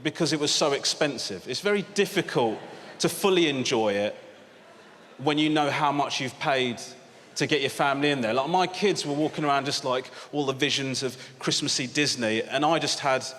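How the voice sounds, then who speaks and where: Grumpy deadpan man doing live stand-up. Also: mid-range voice, normal speed. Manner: deadpan, mock-grumpy, acts out voices. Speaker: stand-up comedian. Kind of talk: stand-up routine. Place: large theatre on stage. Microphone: handheld stage mic. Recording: live theatre with long reverb, loud audience noise.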